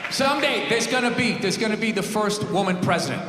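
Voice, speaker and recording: High-voiced ranting man in his fifties. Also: lively intonation, quick pace, background noise. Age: 50s. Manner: profane, ranting, bursts into shouting. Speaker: stand-up comedian. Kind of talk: stand-up comedy. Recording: echoey hall with loud crowd laughter.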